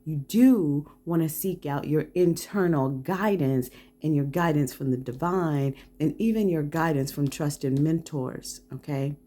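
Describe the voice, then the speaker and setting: A woman giving a calm, reflective pick-a-card tarot reading, often checking in with the listener with a soft "right?". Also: low voice, measured pace. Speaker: tarot reader hosting a channel.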